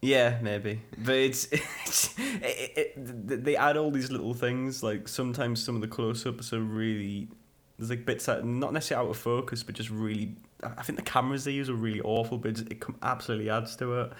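A man chats casually as a podcast co-host. He laughs often and stumbles over repeated words, with a mid-pitched voice. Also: fairly even intonation, a little fast, hardly any pauses. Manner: laughs often, stammers and restarts. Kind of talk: casual chat.

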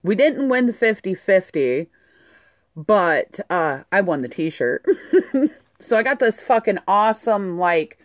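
A woman telling a story in casual chat, animated and swearing freely. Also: medium pitch, measured pace, no room sound, studio quality. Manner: animated, swears a lot, acts out quotes.

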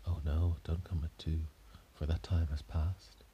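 A wispy, ghostly woman in a told story drifts through her words in a slow, airy drawl, as a man puts her on. Her voice is breathy and otherworldly, as if heard from a faraway room. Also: rumbling low, level tone, highs cut off, a little hiss or hum. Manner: breathy, drawn-out, otherworldly speech.

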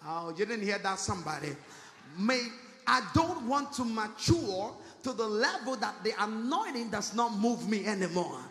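High-voiced man preaching in an echoey hall. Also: animated, normal speed, bright, forceful tone. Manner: fervent preaching with repeated rhetorical call-outs to the congregation. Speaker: pastor. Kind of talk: sermon. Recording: echoey church hall with long reverb.

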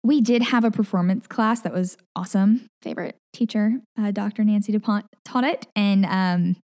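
A young woman with a faint Southern American accent chats as an interview guest. Her tone is warm and mellow, and she articulates each word with a reporter's precision. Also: medium pitch, normal speed. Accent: slight Southern American. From Collierville, Tennessee, US. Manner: articulate, enunciates clearly. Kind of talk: casual interview chat.

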